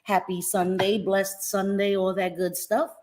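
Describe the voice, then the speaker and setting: A woman hosting a casual livestream, lively and affectionate, greeting viewers by name with pet names like sweetie pie. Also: medium pitch, measured pace. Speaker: livestream host. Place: home in New Jersey.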